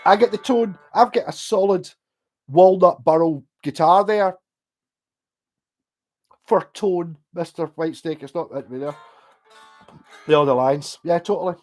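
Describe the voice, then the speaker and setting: A man's voice: on the high side, unhurried, pauses often, darkish tone, faint music behind. Rambling Scottish man on a livestream. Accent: Glaswegian Scottish, softened. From Scotland. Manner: rambling, restarts often, swears freely, laughs between thoughts. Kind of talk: casual livestream chat, answering viewer comments.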